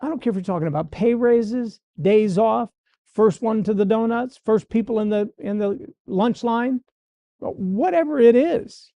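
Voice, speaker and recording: High-voiced man giving a motivational talk. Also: unhurried, no echo, lo-fi sound. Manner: folksy, acts out quoted voices. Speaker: motivational speaker and podcast host.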